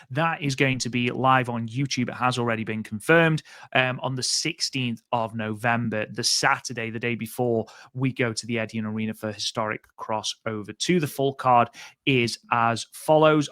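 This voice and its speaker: A man's voice: mid-range voice, a bit bright, dry recording, studio quality. A man co-hosting a casual podcast, chatty and rambling, with many fillers and restarts. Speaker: podcast co-host.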